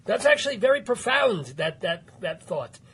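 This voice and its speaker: A man hosting a radio show, interviewing casually with quick, laughing, apologetic remarks. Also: sits high, sing-song, a bit bright, a little hiss or hum.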